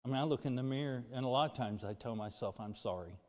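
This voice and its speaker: A pastor preaching a sermon, moving from loud, emphatic lines to low, quiet confession. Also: male voice, fast talker. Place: church sanctuary. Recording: music and long reverb of a church hall.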